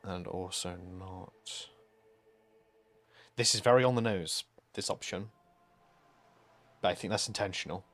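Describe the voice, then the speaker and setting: A male streamer chatting through a game, rambling, laughing and swearing casually. His voice sits a touch low. The sound is dry and close. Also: unhurried, long pauses, fairly bright tone, no echo, soft background music. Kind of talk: live-stream gameplay commentary.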